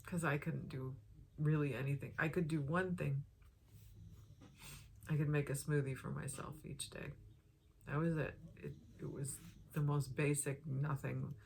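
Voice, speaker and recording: A woman's voice: low voice, fairly even intonation, a little slow, gravelly, long pauses, darkish tone, slight background noise. A woman vlogger sharing a personal health testimony in an earnest, heartfelt way, drawing out her phrases.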